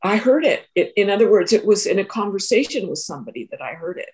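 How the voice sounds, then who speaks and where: Woman teacher-therapist telling her story in an interview, earnest, keeps repeating herself, mid-pitch voice. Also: sing-song, fast talker, a little mellow. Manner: earnest, repeats and restarts phrases. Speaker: Three Principles teacher and therapist. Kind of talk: reflective personal story in an interview.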